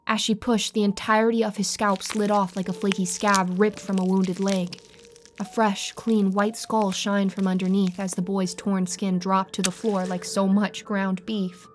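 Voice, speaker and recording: Brief: female horror narrator, mid-pitched, steady read over faint music. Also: normal speed.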